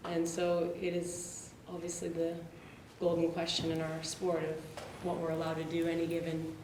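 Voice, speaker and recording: A woman speaks up from the audience in a low, even voice, working through her thought in long connected phrases. The room adds echo, with a faint hum of noise behind her. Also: moderate pace. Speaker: coach in the audience. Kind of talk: discussion comment.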